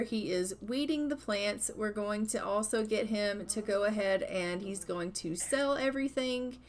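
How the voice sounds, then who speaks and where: A woman casually narrating her life-sim gameplay, chatty and full of fillers. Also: medium pitch. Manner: chatty, many fillers like "like" and "you know". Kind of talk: casual let's-play narration.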